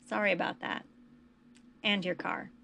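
A woman reading a story aloud, voicing a traumatized young man who talks in a halting near-whisper. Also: medium pitch, fairly even intonation, creaky, sharp tone, slight background noise. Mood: subdued.

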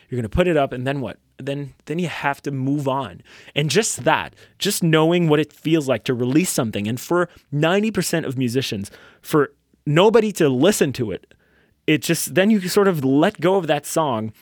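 A young man hosting a solo podcast, talking bluntly and profanely in a loose, animated rant. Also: fairly high pitch, no echo, clean studio sound. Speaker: podcast host. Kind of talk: casual solo podcast monologue.

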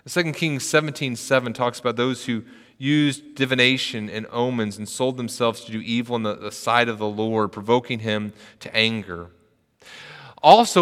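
A man's voice: medium pitch, bright, forceful tone, long reverb tail. A man preaching a sermon as a pastor, retelling a story and acting out its quotes.

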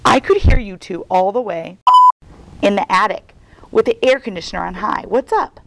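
A woman's voice: medium pitch, expressive, normal speed, gravelly, very noisy. A woman reading aloud and voicing a worried, tired mother questioning her two children. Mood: weary concern. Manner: firm, probing questions.

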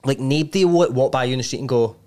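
A man's voice: mid-range voice, quick pace, darkish tone. A man with a Scottish accent hosting a podcast, asking loose, rambling questions full of fillers. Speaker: podcast host. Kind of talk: casual chat.

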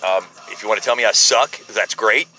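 A middle-aged man with an American accent rambles bluntly into a phone while sitting in a parked car. His voice sits fairly low but rings bright and forceful. He stumbles, restarts and pads his talk with fillers. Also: brisk, faint music behind. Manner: blunt, self-deprecating, many fillers and restarts. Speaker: podcast host. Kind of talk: casual rambling monologue.

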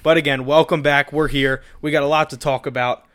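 A man's voice: on the high side, fairly even intonation, fairly quick, a bit bright. A man co-hosting a casual podcast, joking around with a mock announcer tone. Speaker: podcast co-host. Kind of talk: casual chat.

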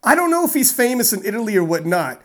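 A woman strongman athlete from North America, telling a story in a casual interview, animated and rambling with fillers. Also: a little high, fast.

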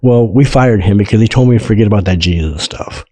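A man telling his life story in a casual interview, animated and acting out the voices of people in it, laughing often. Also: on the low side, fast talker. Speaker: guest telling his testimony.

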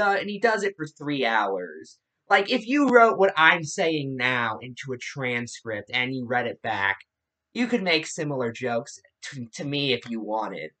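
A woman's voice: very deep voice, fairly bright tone. A woman giving casual political commentary in a blunt, sarcastic way.

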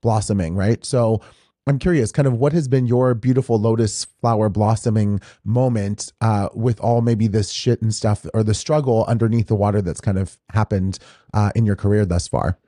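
A man's voice: fairly low pitch, steady tone, normal speed, no room sound, clean studio sound. A man hosting a podcast, asking long, loosely phrased questions with plenty of fillers. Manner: warm, rambling questions with many fillers. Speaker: podcast host. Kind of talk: casual interview.

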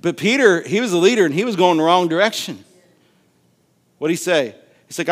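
A man with a fairly high voice preaches in a drawl. He is lively and conversational, and he jumps into character voices to act out the Bible stories he tells. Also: a little fast, long pauses. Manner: animated, acts out Bible scenes with voices and laughter. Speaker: pastor. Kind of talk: sermon.

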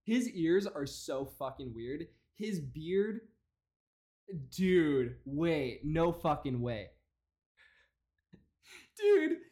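A man's voice: a little high, a little mellow. Profane young man ranting mockingly. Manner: profane, mocking, rapid-fire rants. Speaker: reaction commentator. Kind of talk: casual reaction commentary.

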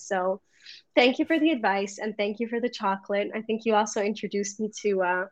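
A woman's voice: mid-range voice, brisk, dry recording. A woman hosting a podcast, chatting casually and enthusiastically and swearing now and then. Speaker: podcast host. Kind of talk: casual chat.

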